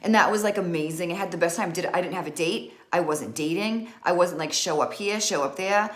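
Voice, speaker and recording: A woman's voice: fairly low pitch, a little fast, reverberant. A woman in her forties, an author, frankly telling a personal story to camera in casual, self-mocking talk with many fillers. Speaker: author and vlogger.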